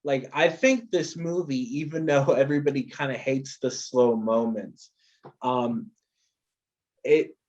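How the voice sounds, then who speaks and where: Slow, halting male podcast co-host. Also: medium pitch, darkish tone. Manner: hesitant, halting with "um" and "like". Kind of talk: casual movie review chat. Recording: dull lo-fi sound.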